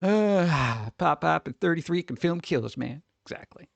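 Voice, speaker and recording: Man, streamer, casual rambling chat, joking, gravelly, dry close mic. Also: on the high side, lively intonation, no echo, dull audio. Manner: rambling, joking, puts on quick voices for bits.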